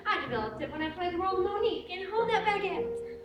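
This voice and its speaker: A woman's voice: very high voice, expressive, fast, lo-fi sound, over loud music. A young woman playing a flighty, theatrical young bride and starlet who is dramatic and flustered. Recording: very echoey hall, far off, noisy.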